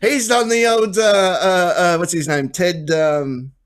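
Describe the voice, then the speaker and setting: A man co-hosting a comedy chat show, his voice sitting a little high for a man. He tells his stories with big energy, swears freely and breaks into laughs along the way. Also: measured pace. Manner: animated storytelling, swears freely, laughs often. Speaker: co-host. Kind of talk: casual comedic banter.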